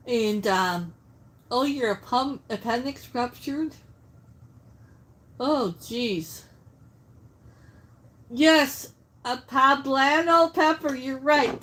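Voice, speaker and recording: This livestream host has a high, slightly bright voice. She keeps things casual as she cooks, talking with her audience and responding to their comments.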